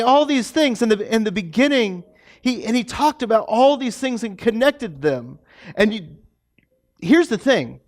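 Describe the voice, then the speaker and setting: A pastor giving a conversational sermon, telling the story in a casual, animated way with many fillers and restarts. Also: male voice, sits high. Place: church sanctuary.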